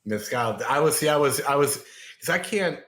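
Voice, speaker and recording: A man's voice: a little high, lively intonation, moderate pace, a bit bright. A man talking as a podcast guest over a video call, casual and rambling, with lots of fillers. His voice is lightly raised and moves widely up and down. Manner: rambling, full of fillers and restarts. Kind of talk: casual interview chat.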